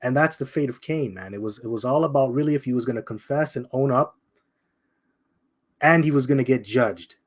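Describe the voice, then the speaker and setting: A man teaching from scripture in a loose, streetwise way, calling out his listeners directly. His voice sits at an ordinary middle pitch for a man. He circles back to the same points and slows right down on the ones he wants to stick. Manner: repeats points, slows down for emphasis. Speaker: bible teacher. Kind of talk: informal scripture commentary.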